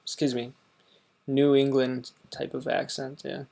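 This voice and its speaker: A man's voice: medium pitch, completely flat delivery, measured pace, gravelly, darkish tone. An American man hosting a reaction video, with casual, hesitant commentary and dry asides. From United States. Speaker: reaction channel host.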